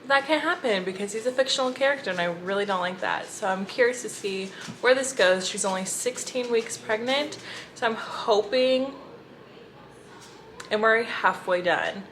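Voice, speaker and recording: A woman's voice: on the high side, normal speed, a little hiss or hum. Chatty young woman gushing to viewers. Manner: gushing, animated storytelling to viewers. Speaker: book vlogger. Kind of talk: casual chatty reading vlog.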